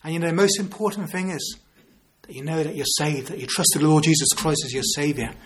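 Male preacher, 50s, earnest sermon delivery with rhetorical questions, slightly higher voice. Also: a little fast. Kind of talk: evangelistic sermon.

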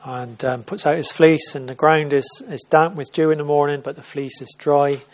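Man preaching in church, informal sermon, fairly high voice, talks casually and restarts phrases. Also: fairly even intonation, normal speed. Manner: conversational, often restarting and repeating words. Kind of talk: informal sermon retelling a Bible story. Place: church service.

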